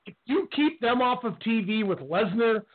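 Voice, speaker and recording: Animated man on a tinny phone line. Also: extremely high pitch, normal speed. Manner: animated, acts out quotes. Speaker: podcast co-host. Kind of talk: casual wrestling talk.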